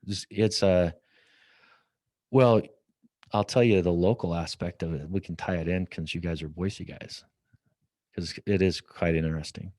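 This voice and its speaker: A middle-aged podcast guest tells a story in a low-pitched voice, speaking a little slowly and pausing often. He's a lively storyteller who acts out the quoted dialogue. The recording, made in an office at company headquarters, has no echo.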